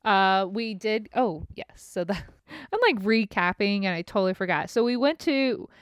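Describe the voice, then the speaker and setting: A woman in her thirties tells a rambling, profane story. Her voice is smooth and clear, at a middling pitch. The sound is dry, with no room echo. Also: normal speed. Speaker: podcast host. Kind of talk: casual chat.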